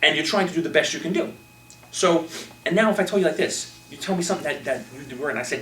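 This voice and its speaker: A man's voice: fairly high pitch, fast talker. A man leading a Toastmasters-style workshop, giving a live motivational talk and acting out people's reactions. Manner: animated, acts out quoted reactions. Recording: roomy, from a distance, faint noise.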